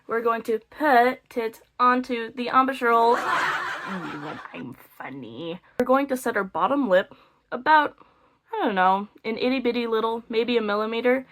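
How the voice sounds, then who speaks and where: Young woman giving a chill flute lesson, kinda high voice, cracks jokes about herself. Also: a bit bright. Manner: playful, self-mocking humor while explaining step by step. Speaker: flute teacher. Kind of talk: casual instructional video.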